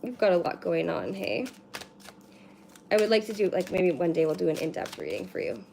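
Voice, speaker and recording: A woman's voice: fairly low pitch, big pitch swings, fairly quick, vocal fry, a little mellow. A woman giving a casual livestream card reading at home, chatty and rambling, with lots of filler words and casual swearing. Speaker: card reader. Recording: noisy with card shuffling and clicks. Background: shuffling cards and clicks.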